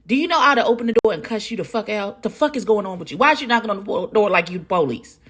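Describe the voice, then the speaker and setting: A woman, commenting loudly and profanely as she reacts to a reality show. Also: mid-range voice, very fast, slightly rough. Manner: loud, profane, animated, talks back at the screen. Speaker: reaction video host.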